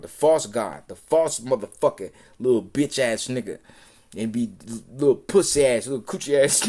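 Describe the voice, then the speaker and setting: A man on a live stream, talking in a heated, profane, rambling rant that circles back and repeats itself, sometimes dropping to a low mutter. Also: darkish tone.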